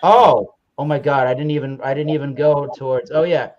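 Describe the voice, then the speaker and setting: A man's voice: mid-range voice, fairly even intonation, a little fast, darkish tone. A man hosting a casual livestream chat, rambling and often correcting himself as he talks. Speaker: livestream host. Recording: slightly dull lo-fi audio.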